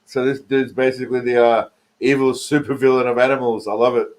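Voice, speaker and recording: A man's voice: mid-range voice, level tone, a little fast. An Australian man streaming live, joking and rambling as he talks to his chat by name while reacting to trailers.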